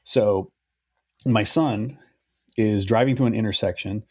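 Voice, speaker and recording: A middle-aged man co-hosting a podcast, telling a long story in a relaxed, chatty way and swearing now and then. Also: lowish voice, measured pace, no echo, clean studio sound. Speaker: podcast co-host. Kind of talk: casual podcast chat.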